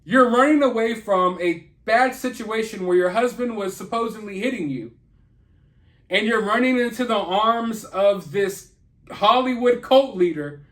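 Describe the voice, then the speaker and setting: A man's voice: high-pitched, a little slow, fairly bright tone. A man hosting an opinion commentary vlog, talking in an indignant, emphatic and mocking way. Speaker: commentary channel host.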